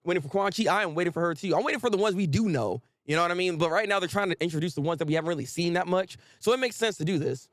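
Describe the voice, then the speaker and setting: A man hosting a live manga reaction stream, talking in excitable, exclamatory, slang-filled rants. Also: high voice, racing, hardly any pauses, no echo, studio quality.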